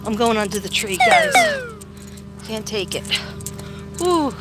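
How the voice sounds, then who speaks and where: A woman's voice: mid-range voice, fairly even intonation, quick pace, loud music behind the voice. A middle-aged woman chatting casually on a live stream while out on a walk, rambling and reading viewer comments aloud. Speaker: psychic vlogger. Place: outdoors on a walk.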